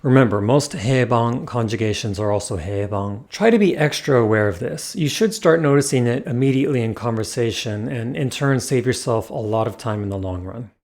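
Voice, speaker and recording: A man giving a scripted lesson as a language teacher, explaining in a clear, measured way. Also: medium pitch, a little mellow. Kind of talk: scripted educational narration.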